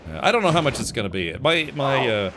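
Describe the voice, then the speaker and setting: Excitable man streaming a game. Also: mid-range voice, fast talker, noisy background. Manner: excitable, laughs often, thanks viewers. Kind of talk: casual live-stream gaming chat.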